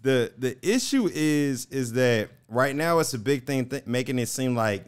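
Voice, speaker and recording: A man on a podcast panel, speaking defensively and haltingly while asking to finish his point in a heated group debate. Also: medium pitch, expressive, clear, resonant tone.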